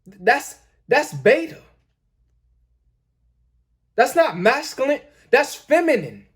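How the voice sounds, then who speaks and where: A man's voice: extremely high pitch, big pitch swings, slow, slightly rough. Emphatic male dating-advice host. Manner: emphatic, repeats points, addresses listeners as guys. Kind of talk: lecturing commentary.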